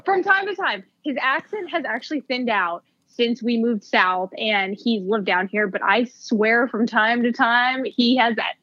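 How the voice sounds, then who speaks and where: A woman's voice: on the high side, expressive, bright, forceful tone, no room sound. Emphatic New woman, muffled audio. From New Jersey. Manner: emphatic, enthusiastic, quick to swear by things. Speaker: guest, family lawyer. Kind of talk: casual chat.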